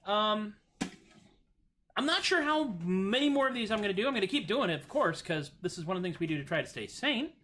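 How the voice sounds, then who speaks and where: A man's voice: high-pitched, animated, a little fast, fairly bright tone, a little hiss or hum. A man hosting a livestream music show, chatting casually and goofily between his songs in a rambling, self-deprecating way at home. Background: acoustic guitar playing.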